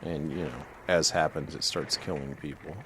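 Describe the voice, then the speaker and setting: A man's voice: extremely low pitch, steady tone, moderate pace, a bit bright, a little hiss or hum. A man appearing as a guest on a studio radio show, chatting eagerly about his favorite films. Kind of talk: casual radio chat.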